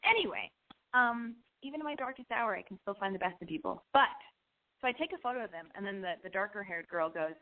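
A woman telling a comic story in an animated, rambling way, full of restarts and asides. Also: medium pitch, fast talker. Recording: tinny phone-like sound.

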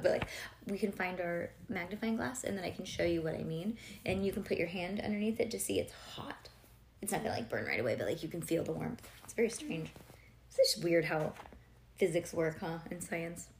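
A parent reads a storybook aloud to a child at home, keeping it casual and chatty, often stopping to quiz the listener or go off on asides full of loose "like" and "um" fillers. Her voice is lowish, expressive, a little mellow, and brisk. There's a bit of hiss or hum.

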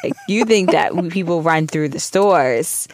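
A woman's voice: fairly low pitch, animated, measured pace, slight background noise. A pregnant young woman co-hosting a podcast, telling a story in casual chat and acting out her toddler's lines. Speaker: podcast co-host.

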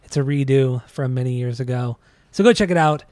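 A man co-hosting a music podcast, speaking in a relaxed, wry way and laughing often. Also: mid-range voice, brisk, no room sound. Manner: laid-back, laughing, wry. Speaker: podcast co-host. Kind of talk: casual podcast chat.

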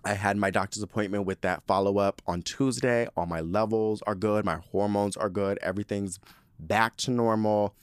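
Podcast host, male, lowish register, dry close sound; animated, profane storyteller. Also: normal speed, smooth, no room sound. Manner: animated, dramatic, profane and chatty. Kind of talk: casual storytelling monologue.

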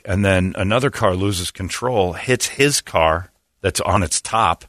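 The middle-aged male host has a low voice and talks a little slowly, in a dry, studio-quality recording. Animated and chatty, he tells stories during casual studio banter and acts out each person in them.

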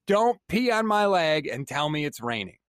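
This is a heated sports podcast rant from a male co-host who curses freely and sounds exasperated. He speaks at a normal speed in a slightly high, fairly bright voice that is very animated, captured at studio quality without echo.

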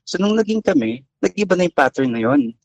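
A man's voice: sits high, big pitch swings, quick pace, poor audio. Hesitant man telling a story. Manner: hesitant storytelling with many fillers, in Tagalog. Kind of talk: casual chat.

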